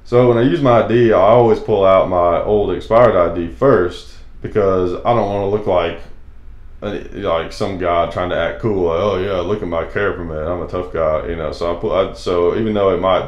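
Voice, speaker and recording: A man with a low voice talks through a loose, opinionated monologue, circling back with plenty of asides. His voice rings off the walls of an echoey room. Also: fairly even intonation, fairly quick, dull audio. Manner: rambling, opinionated storytelling. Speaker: radio show host. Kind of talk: casual monologue.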